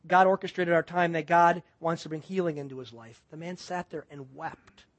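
A middle-aged male pastor preaching a sermon, telling a story that moves between loud excited passages and hushed, intense moments. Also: a little high, normal speed.

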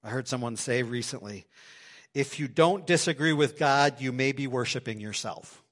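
A man preaching a sermon to his congregation in a church, swinging between loud emphasis and quiet asides. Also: medium pitch, normal speed. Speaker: pastor. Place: church sanctuary.

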